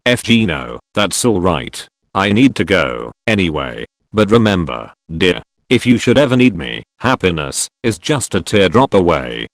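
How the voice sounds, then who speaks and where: A male text-to-speech voice flatly reading the lines of a sugary, pushy fairy godmother. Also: low voice, measured pace, few pauses, dry recording, clean studio sound, exaggerated voice. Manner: flat synthetic delivery.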